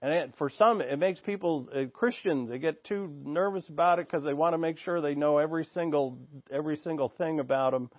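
A man's voice: fairly high pitch, a little fast, few pauses, no echo, dull audio. A man preaching an expository sermon, reading scripture aloud and explaining it in an earnest, teaching way, thinking aloud with restarts.

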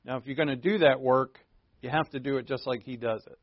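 A man preaching a conversational sermon, earnest, asking rhetorical questions and shifting from emphatic to hushed. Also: mid-range voice, steady tone, a little fast, dry recording, lo-fi sound. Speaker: pastor.

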